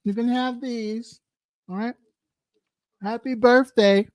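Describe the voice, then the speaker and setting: A commentary show host talking in a crude, mocking, profane way, out of breath, with drawn-out eating noises. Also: medium pitch, steady tone, a little mellow, no room sound. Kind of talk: casual commentary.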